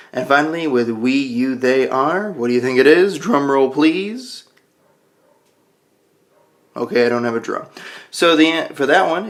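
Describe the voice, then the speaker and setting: A male ESL teacher walks learners through a grammar point. He talks in a playful, patient way, speaking slowly and clearly at a middle pitch. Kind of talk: grammar lesson for English learners.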